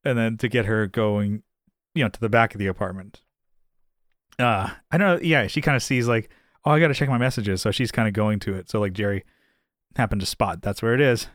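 A man's voice: fairly quick, no room sound, clean studio sound. Laid-back man chatting about a sitcom. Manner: swears and laughs often, jumps into high-pitched voices when quoting. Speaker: podcast co-host. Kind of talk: casual chat recapping a TV episode.

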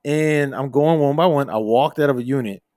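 A man's voice: medium pitch, normal speed, dry recording, clean studio sound. A man co-hosting a podcast, telling stories in casual, profane chat. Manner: profane, animated storyteller. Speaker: podcast co-host.

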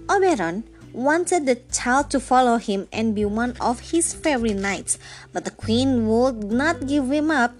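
A woman narrating a fairy tale from a script, reading slowly and expressively. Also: on the high side. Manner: slow, measured and expressive reading. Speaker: storyteller.

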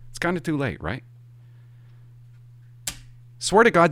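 A middle-aged man, a hockey parent, telling a rambling, animated story in a casual monologue and swearing for emphasis. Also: a little high, takes it slowly, long pauses.

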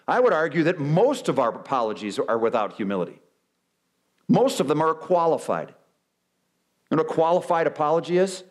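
A male pastor preaching a sermon, animated, acting out quoted excuses with big swings in his voice. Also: fairly high pitch, moderate pace. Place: church sanctuary.

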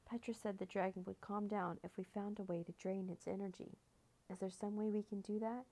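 A woman's voice: medium pitch, fairly even intonation, a little fast, warm tone, lightly acted. A woman voicing an eager, brave young boy in a children's storybook.

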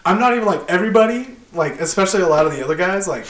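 A man's voice: sits high, very fast. A young man, a tradesman, telling a work story in a casual podcast chat, swearing freely and laughing as he talks. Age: young adult. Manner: profane, animated, laughing through the story. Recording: roomy echo.

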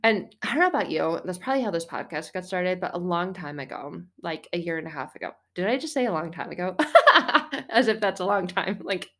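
A woman's voice: fairly low pitch, fast, hardly any pauses. Chatty middle-aged woman podcasting about faith. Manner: chatty and animated, laughing, swearing, acting out quotes. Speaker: podcast host. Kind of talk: casual faith podcast monologue.

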